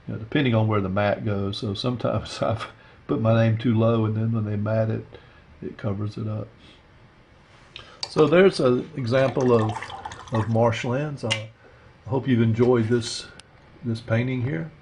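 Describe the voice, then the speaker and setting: A man teaching a watercolor painting demo, talking through his steps in a relaxed, rambling way with lots of fillers. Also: mid-range voice, normal speed, gravelly, breathy edge. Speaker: art instructor. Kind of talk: casual painting demonstration.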